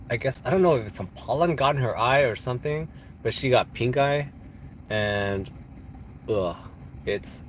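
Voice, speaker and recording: A man's voice: lowish voice, slight background noise. A man from California hosting a casual livestream, rambling and joking while answering chat questions, his nose stuffed up from allergies. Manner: rambling, joking, laughs often. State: congested from allergies. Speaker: live-stream host answering chat. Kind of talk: casual live-stream chat.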